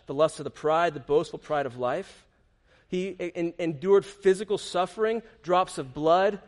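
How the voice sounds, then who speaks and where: Man preaching, high voice, passionate sermon, loud to hushed, quotes scripture. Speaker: pastor.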